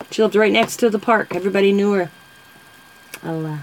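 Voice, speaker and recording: A woman's voice: medium pitch, a little fast, long pauses, a little hiss or hum, poor audio. A woman vlogger chatting casually with viewers, telling rambling stories and answering comments. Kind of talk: casual live-stream chat.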